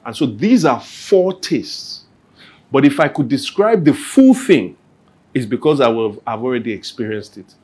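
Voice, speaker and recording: A man's voice: medium pitch, very animated, unhurried, a little mellow, breathy edge. A man answering questions at a church Q&A, talking conversationally and acting out everyday scenes. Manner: conversational, acts out everyday scenes with little quoted voices. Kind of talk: Q&A talk.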